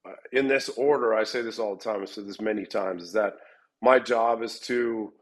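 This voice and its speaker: Low-voiced man, rambling coach. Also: normal speed, slightly rough, poor audio. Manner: rambling, repeats words and restarts often. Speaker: MMA gym head coach. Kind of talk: conversational interview answers.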